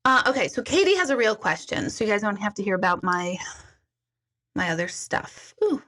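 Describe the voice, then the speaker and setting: An intuitive woman hosts a casual live chat, telling stories, laughing frequently and reading viewer comments aloud. She speaks at a moderate pace in a medium-pitched, fairly bright voice with big pitch swings.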